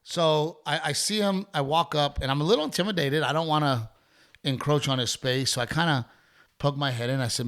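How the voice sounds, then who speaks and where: A man's voice: a little high, a little fast. A middle-aged man hosting a podcast, telling a story in a casual, rambling way, swearing freely and restarting his sentences often. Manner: profane, rambling, animated storyteller with many restarts. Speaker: podcast host.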